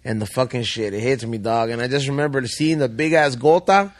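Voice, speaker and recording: A man, hosting a podcast and telling stories in quick, profane, slang-heavy chat. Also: mid-range voice. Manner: fast, slangy, profane chatter. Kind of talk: casual chat.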